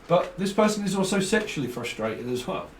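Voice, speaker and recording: A man's voice: high voice, big pitch swings, fairly quick. A man giving a rambling, jokey tarot reading. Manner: jokey, rambling, breaks into song and silly voices. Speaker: tarot reader. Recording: roomy, distant mic, faint hiss.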